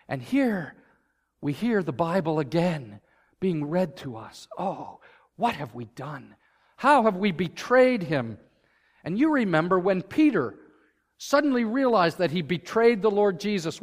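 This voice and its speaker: A male pastor delivers a sermon to his congregation, earnest and at times fervent. His voice sits high for a man. The church hall around him rings with a long reverb. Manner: earnest, rising to fervent emphasis. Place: church sanctuary.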